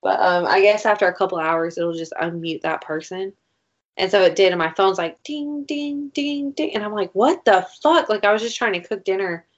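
A woman's voice: on the low side, steady tone, brisk. A young woman in casual chat, telling a story in a rambling way, full of "like" and swearing. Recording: dull lo-fi recording.

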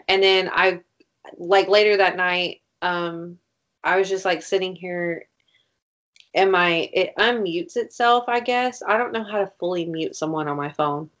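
A woman's voice: lowish voice, a bit bright. A young woman in casual chat, telling a story in a rambling way, full of "like" and swearing. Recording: dull lo-fi recording.

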